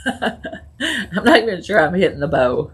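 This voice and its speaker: A woman's voice: on the low side, sing-song, slow, husky. A woman hosting a casual crafting video, chatting and giggling with her viewers as she works. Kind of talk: casual live crafting chat.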